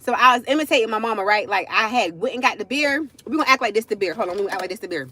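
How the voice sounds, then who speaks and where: A woman's voice: mid-range voice, expressive, racing, pushed and bright, husky. A woman, telling a casual story on a livestream, chatty, addressing viewers as y'all, with frequent asides. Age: 40s.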